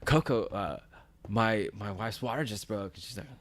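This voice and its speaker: A man in his thirties, a podcast guest, telling a story casually and acting out the quoted lines with sudden leaps in his voice. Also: moderate pace. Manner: animated, acts out quotes with big jumps in pitch.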